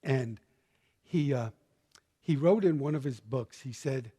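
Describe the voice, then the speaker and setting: An older man, a minister, giving a sermon in a church and telling a story, turning soft and hushed when moved. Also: medium pitch, measured pace, long pauses, slightly rough, in a large hall. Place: church sanctuary.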